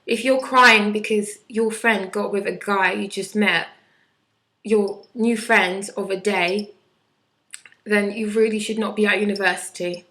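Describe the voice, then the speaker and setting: A woman's voice: mid-range voice, fairly even intonation, a little slow, pushed and bright, low-quality recording. A woman in her twenties chatting bluntly and sarcastically in a casual vlog, with mocking impressions. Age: 20s. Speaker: vlogger.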